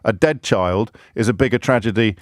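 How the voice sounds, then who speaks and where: A man's voice: lowish voice, moderate pace, no echo. A man hosting a radio phone-in, pressing a caller with pointed, repeated questions from a studio microphone.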